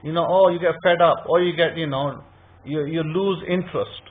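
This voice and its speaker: A man's voice: on the high side, fairly even intonation, moderate pace. A man giving an informal scripture teaching, conversational and repetitive, acting out his listeners' thoughts. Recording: tinny phone-like line.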